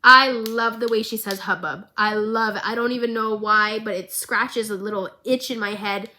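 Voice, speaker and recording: Female vlogger, bright voice, excitable, recap commentary. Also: medium pitch. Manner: excitable and gushing, with quick asides.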